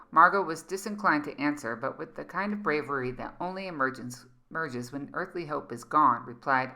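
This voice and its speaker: A woman narrating a fantasy story aloud in a dramatic, expressive reading. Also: low voice, normal speed, few pauses, rough recording.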